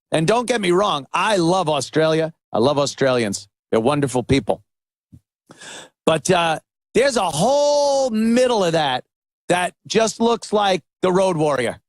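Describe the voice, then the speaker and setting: A man guest-hosting a talk-radio show, giving a sarcastic, animated opinion monologue. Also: high voice, no room sound, studio quality.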